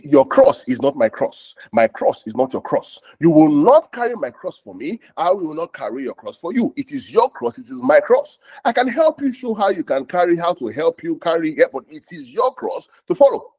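A man's voice: on the high side, a little mellow, husky. A man preaching a sermon as pastor, repeating phrases and asking the congregation if they are together. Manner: repetitive call-and-response, asks "are we together?".

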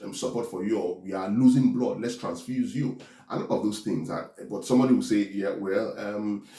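A dark-toned man with a voice on the low side preaches a Bible-teaching sermon in a room with echo. Tag questions such as "right?" and "are we together?" come up often as he checks in with his listeners.

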